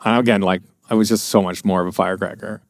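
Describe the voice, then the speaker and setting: A man's voice: low voice, steady tone, fast talker, no echo. A middle-aged American man telling profane, rambling anecdotes in a casual podcast chat. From USA. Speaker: podcast guest. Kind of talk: casual storytelling.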